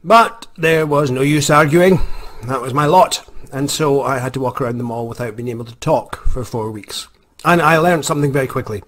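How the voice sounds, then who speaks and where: Wry husky Scottish storyteller. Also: male voice, medium pitch, normal speed, a bit bright. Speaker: vlogger, author. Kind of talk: comic storytelling.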